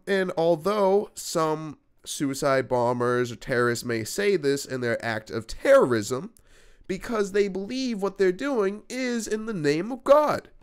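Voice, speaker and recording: A young man tells a personal story in a casual vlog. His delivery is animated and peppered with profanity, and his pitch swings widely as the story builds. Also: clean tone. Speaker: YouTuber telling a personal story.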